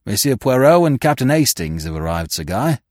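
A man's voice: medium pitch, sing-song, moderate pace, a little mellow, dry recording, studio quality. A man playing a grave, steadfast museum expert.

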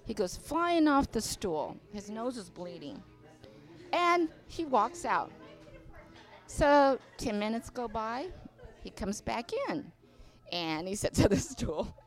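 An older woman, a veteran dancer, telling stories in a casual interview, animated and swearing freely, acting out other people's voices. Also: a little high, slow. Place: inside a bar venue. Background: faint music.

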